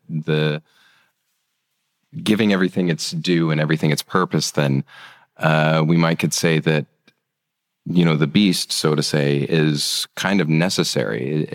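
A man in a group podcast discussion, musing in tentative phrases. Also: a bass voice. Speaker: podcast panelist. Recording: reverberant room sound.

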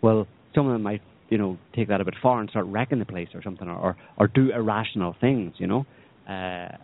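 Low-voiced man, sardonic political chat, rambling, thin phone-line sound. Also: a little fast, vocal fry. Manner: rambling, sardonic, many restarts. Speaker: podcast co-host.

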